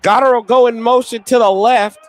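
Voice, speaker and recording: A man hosting a live game watch party, reacting excitedly and rambling into jokes. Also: extremely high pitch, brisk, dry recording. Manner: excitable, rambling, joking, teases the players. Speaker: host of a watch-party stream.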